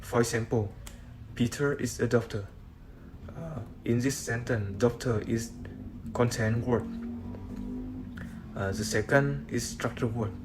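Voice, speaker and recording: A man whose first language is Vietnamese, reading a class presentation on sentence stress in a halting way with many "uh" fillers. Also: medium pitch, over music, poor audio. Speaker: student presenter.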